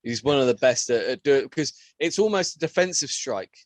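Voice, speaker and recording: A man co-hosting a casual podcast chat, animated and laughing often, a little tipsy from beer. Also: mid-range voice, a little fast, dry recording. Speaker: podcast co-host.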